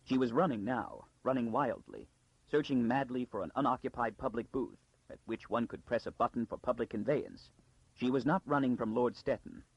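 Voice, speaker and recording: A man narrating an audiobook in a dramatic storytelling style with a gravelly, husky voice. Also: mid-range voice, no echo, highs cut off. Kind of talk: scripted narration.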